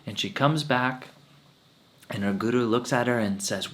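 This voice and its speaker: A man who is a monk and spiritual teacher, telling a story at a satsang in an animated, emotional way. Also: mid-range voice, a little slow, pauses often.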